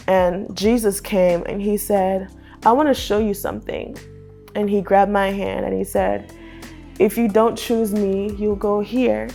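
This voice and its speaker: A young woman telling her personal faith testimony in a casual, lively way, acting out the voices in her story. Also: mid-range voice, creaky. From Jamaica. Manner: animated, acts out quotes, laughs often. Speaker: testimony speaker.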